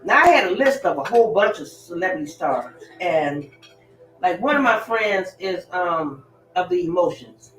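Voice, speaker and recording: A woman's voice: lowish voice, lively intonation, moderate pace, fairly bright tone, far from the mic, soft background music. Rambling woman talking off-mic in kitchen. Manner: loose, blunt storytelling with profanity and laughs. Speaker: livestream host. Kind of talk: rambling casual monologue. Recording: roomy, off-mic with kitchen clatter.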